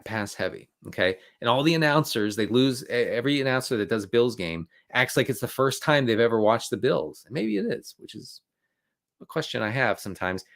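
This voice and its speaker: Male sports analyst, casual live stream, fast rambling delivery with sarcastic rants, restarts and asides. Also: lowish voice, fairly bright tone. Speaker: fantasy football analyst answering viewer questions.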